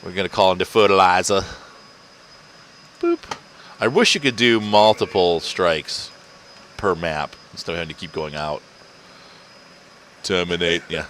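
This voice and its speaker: A man talking through a let's-play at home, rambling from story to story and laughing often. His voice sits fairly low and sounds bright and forceful through a desk mic. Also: animated, unhurried, pauses often, a little hiss or hum. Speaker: gaming channel host. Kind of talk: casual let's-play commentary. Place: home, indoors.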